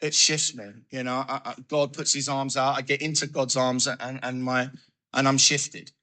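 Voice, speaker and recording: A man giving a personal recovery testimony, telling his story in an animated way and acting out his own thoughts. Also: medium pitch, normal speed. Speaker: recovery speaker.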